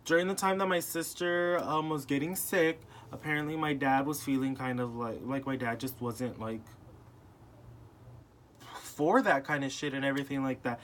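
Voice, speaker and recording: A man's voice: medium pitch, moderate pace, a little hiss or hum. A young man telling a personal family story in casual chat, acting out the voices of the people in it with lots of filler words. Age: young adult. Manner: animated, acting out family members in retold dialogue. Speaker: podcast host.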